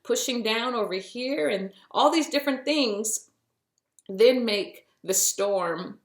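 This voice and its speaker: This podcast host is a woman with a fairly high, expressive voice and a slow pace, recorded with a roomy echo. Her casual spiritual monologue is chatty and playful, sprinkled with pet names.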